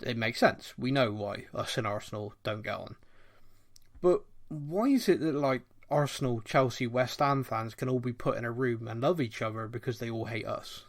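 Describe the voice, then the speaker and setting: A middle-aged man from Bristol with a mild Bristolian accent, co-hosting a podcast in a rambling, animated casual chat. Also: mid-range voice, normal speed. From Bristol, England. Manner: animated, rambling, thinks aloud. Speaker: podcast co-host.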